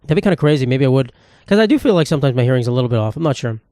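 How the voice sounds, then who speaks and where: A man in his twenties talks very fast and expressively on his solo podcast, seated at a table in an indoor room and cracking crude jokes about himself. He has a medium-pitched, dark-toned voice, captured at studio quality without echo.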